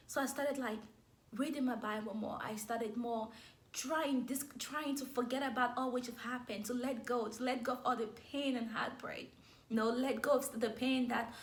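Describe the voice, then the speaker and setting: A young adult woman with a fairly high voice gives a personal testimony of her faith. She's candid and emotional, with light laughter slipping between her words.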